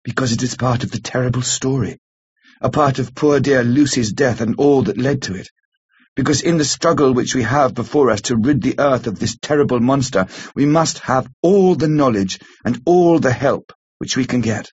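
A man voicing an earnest young woman who pleads gravely, read gently in a husky voice. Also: mid-range voice, normal speed, lightly acted. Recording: slightly muffled lo-fi recording.

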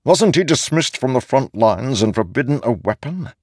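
A man's voice: medium pitch, very animated, moderate pace, a little mellow, dry recording, clean studio sound, voice pushed up. A man voicing a skeptical, scornful figure in an audiobook. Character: skeptical sharp-tongued man.

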